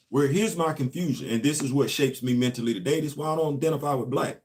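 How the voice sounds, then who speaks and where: Long-winded man telling a story, slightly high voice. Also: expressive, quick pace, a little mellow. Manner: long-winded, addresses listeners directly with rhetorical questions. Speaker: show host and former Marine corporal. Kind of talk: casual storytelling monologue.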